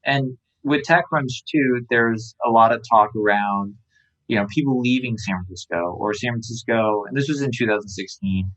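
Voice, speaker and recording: A startup founder talking casually in an interview, relaxed and rambling, with many fillers. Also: male voice, mid-range voice, moderate pace, low-quality recording. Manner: relaxed, filler-heavy, lots of "um" and "like".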